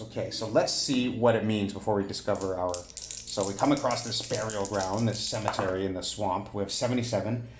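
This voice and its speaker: A man narrating a solo tabletop game, thinking aloud with many pauses and fillers. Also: on the low side, reverberant.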